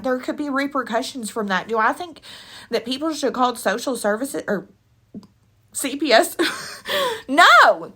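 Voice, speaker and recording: A woman delivers a heated, rambling rant straight to her audience, blunt and full of slang. Her voice is high and bright, with an edge from fighting back tears, and she sounds sniffly from crying. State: tearful, with a runny nose. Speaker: commentary vlogger. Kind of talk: emotional opinion rant to camera.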